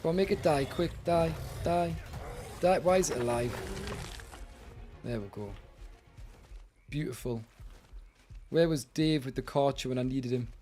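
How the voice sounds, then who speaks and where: A man's voice: mid-range voice, a little slow, pauses often, warm tone, slight background noise. A British man streaming a game live, chatting with viewers and grumbling in exasperation. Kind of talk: live gaming commentary.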